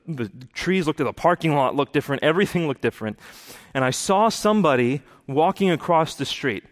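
A man giving a sermon about his own conversion, telling it earnestly and rising to impassioned preaching. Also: a little high. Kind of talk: testimony sermon.

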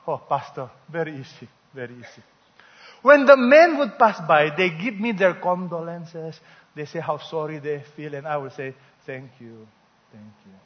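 A sly widow, dry and unbothered, as a male preacher acts her out. The voice sits high, and a long hall reverb trails each line. The recording sounds dull and lo-fi. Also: normal speed, natural voice. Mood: wry. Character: grieving widow with a sly answer.

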